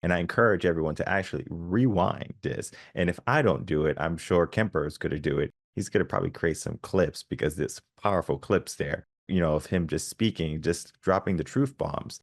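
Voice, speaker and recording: A man's voice: deep voice, brisk, creaky, few pauses, no room sound, studio quality. A man hosting a coaching podcast, speaking earnestly and reflectively with many fillers. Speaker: podcast host. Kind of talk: reflective interview talk.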